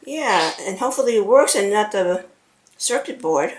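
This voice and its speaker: A woman narrating a casual home video, excitable and cooing baby talk to her pet bird. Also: medium pitch, moderate pace, a loud crowd, low-quality recording. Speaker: pet vlogger. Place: at home indoors.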